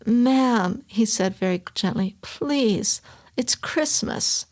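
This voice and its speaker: A woman reading a story aloud, voicing a shabby, gentle old man playing a store Santa who speaks very quietly. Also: medium pitch, steady tone, slow. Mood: meek. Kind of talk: audiobook reading.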